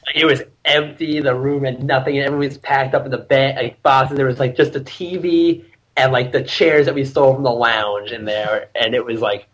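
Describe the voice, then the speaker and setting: A young man in his twenties talks as a guest on a casual podcast. He tells his stories with energy, breaks into laughter often and shouts out the lines he quotes. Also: medium pitch, fairly even intonation, a little fast, low-quality recording. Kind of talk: casual chat.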